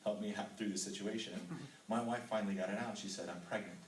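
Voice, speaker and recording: A fast-talking, middle-aged man from Texas delivers an earnest testimony to a men's ministry group in a fairly low, steady voice. He reads scripture first, then moves into his own story, dropping frequent ums. A distant mic in a roomy hall picks him up along with a little hiss or hum.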